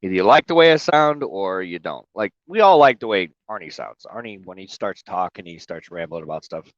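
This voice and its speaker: A man's voice: low voice, animated, brisk, no room sound, highs cut off. A man driving a truck, chatting casually on a livestream, rambling, swearing and greeting viewers by name. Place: inside his truck cab. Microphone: phone.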